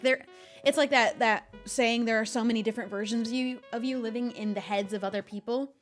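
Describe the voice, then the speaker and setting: A young adult woman streamer reading stories aloud and chatting with laughing asides. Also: on the high side.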